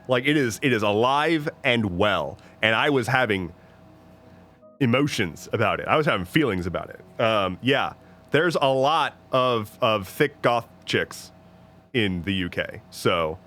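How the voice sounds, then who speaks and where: A man's voice: medium pitch, expressive, a little slow, a bit bright. A man chatting casually on a stream, rambling and joking with lots of restarts and swearing. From United States. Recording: faint music behind.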